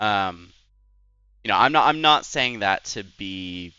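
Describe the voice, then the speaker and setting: A man's voice: lowish voice, animated, a little slow, pauses often, sharp tone, clean tone, no room sound. Rambling young man streaming on a dull mic. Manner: rambling and chatty, full of "like" and "anyways". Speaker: Twitch streamer. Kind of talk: casual live-stream chat while gaming.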